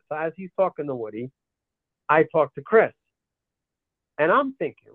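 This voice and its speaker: A man tells a winding anecdote in casual podcast chat, stopping and restarting and acting out what others said. His voice sits a bit high. The sound is thin and phone-like, with no room around it. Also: sing-song, normal speed, long pauses, no echo. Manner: rambling anecdote with restarts and quoted dialogue. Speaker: podcast guest. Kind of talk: casual storytelling. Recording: tinny phone-like line, dry.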